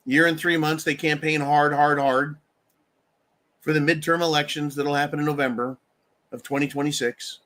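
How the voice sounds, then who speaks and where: A man hosts a live stream in a bright, forceful voice, sitting a little high for a man. He rants with anger and constant profanity. He breaks off to thank viewers for donations. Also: steady tone, moderate pace. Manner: angry, heavily profane. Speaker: livestream host. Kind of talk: political rant on a live stream.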